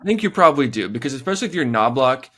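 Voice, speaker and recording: A man co-hosting a hockey podcast, talking through the playoffs in a measured, conversational way. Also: medium pitch, sing-song, bright, forceful tone. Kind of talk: casual sports chat.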